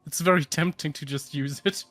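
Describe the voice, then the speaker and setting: A man with a fairly high voice chatting about a tabletop game over a voice call. He chuckles as he talks, and the sound is dry and close. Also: steady tone, moderate pace, fairly bright tone, no echo. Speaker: player.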